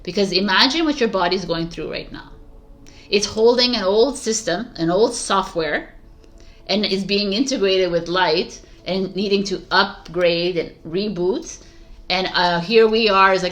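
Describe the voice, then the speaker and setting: A woman tarot reader talking casually to her viewers in a rambling, reflective way, with many fillers and soft laughs. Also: medium pitch, measured pace. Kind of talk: casual spiritual talk to viewers.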